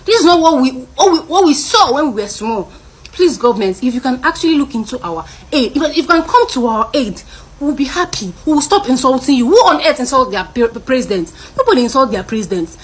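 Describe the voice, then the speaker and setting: A woman's voice: high-pitched, big pitch swings, brisk, breathy edge. A young woman with a Nigerian accent, a student ranting to camera in exasperated rhetorical questions. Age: young adult. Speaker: university student. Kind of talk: selfie rant video.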